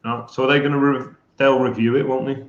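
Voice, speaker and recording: A male guest chatting casually on a live stream, relaxed and a little hesitant. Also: medium pitch, fairly quick. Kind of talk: casual chat. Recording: echoey, dull remote audio.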